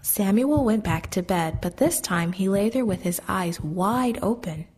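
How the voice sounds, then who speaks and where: Soft-spoken breathy woman telling a story. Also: mid-range voice, lively intonation, unhurried. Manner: soft, gentle, often whispering. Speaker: children's story reader. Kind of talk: children's Bible story narration.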